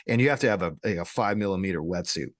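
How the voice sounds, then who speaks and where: A man co-hosting a podcast, telling a story in a casual, animated way, often laughing and restarting his sentences. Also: sits low, quick pace, dry recording, studio quality. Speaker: podcast co-host.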